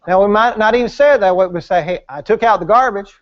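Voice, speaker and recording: Pastor guy preaching, lively, does voices for his stories, high pitched. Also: normal speed, highs cut off. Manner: animated, acts out quoted voices. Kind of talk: preaching at a marriage conference. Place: church service hall.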